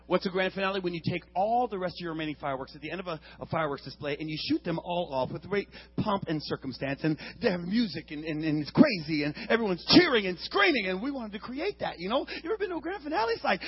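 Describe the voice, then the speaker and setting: A man tells a comedy story on stage in a husky, high voice. His pitch swings all over as he acts out booms and shouts. The recording sounds dull and lo-fi. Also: animated, quick pace, hardly any pauses. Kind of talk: stand-up storytelling.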